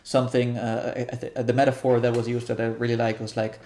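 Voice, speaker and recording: A man calmly explaining how a guided meditation practice will go, thinking aloud with frequent restarts. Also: medium pitch, slight background noise. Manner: thoughtful, halting, many restarts and fillers. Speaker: guest guiding a meditation practice. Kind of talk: explaining a practice in casual conversation.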